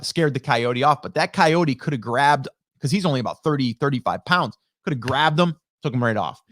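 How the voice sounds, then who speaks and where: A man's voice: fairly high pitch, a bit bright. A middle-aged man hosting a casual live stream, chatting in a rambling, upbeat way and greeting viewers by name. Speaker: live stream host reading chat. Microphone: broadcast dynamic studio mic.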